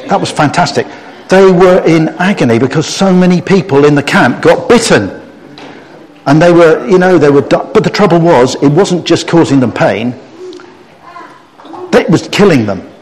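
Lively storytelling preacher man in a reverberant hall. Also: a little high, normal speed. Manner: animated storyteller who acts out quotes and gets the audience to join in. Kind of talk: story-based sermon talk. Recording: long reverb of a large hall.

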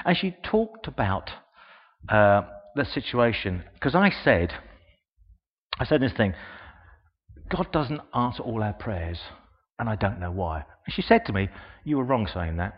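An older man preaching a sermon, telling stories in a lively way and acting out the voices he quotes. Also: fairly low pitch, measured pace, long pauses, breathy edge. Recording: dull sound in a long-reverb hall.

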